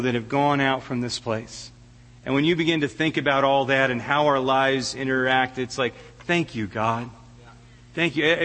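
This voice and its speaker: A man's voice: medium pitch, fairly bright tone, big-room sound. A middle-aged man preaching a heartfelt sermon as a guest preacher, often stammering and restarting his words. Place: church sanctuary.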